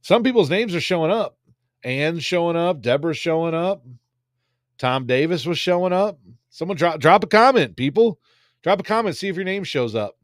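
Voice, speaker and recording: A man's voice: fairly high pitch, expressive, normal speed, no room sound, clean studio sound. A man hosting a casual livestream, rambling crudely and reading out viewer comments. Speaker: livestream host.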